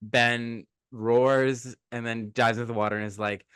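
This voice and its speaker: A man co-hosting a podcast, recapping a movie in animated, joking chat. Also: medium pitch, a little slow, clean tone, no room sound, clean studio sound. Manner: animated, jokey, quotes characters in sped-up asides. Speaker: podcast co-host.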